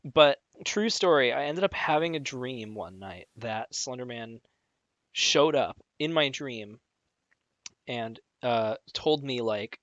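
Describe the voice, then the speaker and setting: A young man chats on a podcast with a deadpan, sarcastic delivery. His voice sits at an ordinary pitch. The room is dry, with the mic close. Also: takes it slowly, dry recording, highs cut off. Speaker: podcast co-host. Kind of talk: casual chat.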